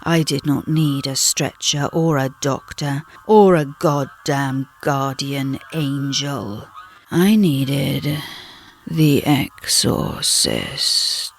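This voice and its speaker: A British woman narrating her own memoir as an audiobook, telling it slowly and dramatically. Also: rumbling low, gravelly, breathy edge. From Britain. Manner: slow, dramatic storytelling.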